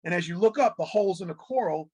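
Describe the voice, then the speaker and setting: A middle-aged man, a guest on an interview show, telling animated stories and acting out what people said, laughing often. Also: sits high, fast, breathy edge. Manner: animated storyteller who acts out quotes, laughs often. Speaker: guest, television executive. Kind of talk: casual interview storytelling.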